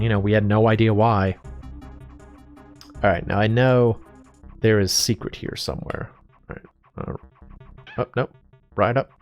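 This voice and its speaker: A man casually commenting on a video game as he plays, rambling, joking and self-deprecating. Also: fairly low pitch. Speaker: let's play host. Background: faint game music.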